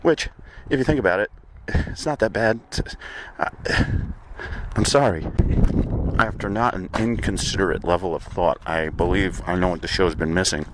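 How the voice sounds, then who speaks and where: Man, comedic monologue, halting and apologetic, outdoors, traffic noise. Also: deep voice. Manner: apologetic, halting, stammering, with sudden sung outbursts. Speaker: comedy audio journal host. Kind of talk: rambling deadpan comedic monologue.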